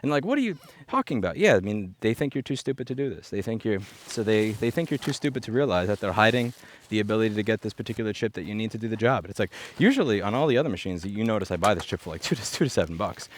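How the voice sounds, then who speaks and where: A man's voice: on the low side, racing, slight background noise. A man talking off the cuff into a headset mic outdoors while picking up litter, blunt and ranting, with sarcastic asides. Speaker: repair activist vlogger. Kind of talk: off-the-cuff monologue. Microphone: headset microphone.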